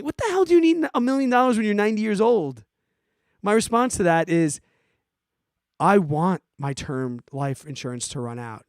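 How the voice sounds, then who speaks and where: A forty-year-old man hosting a podcast, ranting in an animated, exasperated way and giving casual advice to listeners. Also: sits high, moderate pace, no echo, studio quality. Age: 40s. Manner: animated, exasperated, emphatic, swears. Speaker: podcast host answering listener questions.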